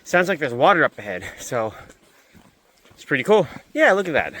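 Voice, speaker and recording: A young man vlogging as he hikes up a mountain trail. He is out of breath and chatty, and he repeats himself when something excites him. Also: fairly high pitch, moderate pace. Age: young adult. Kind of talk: casual hiking vlog.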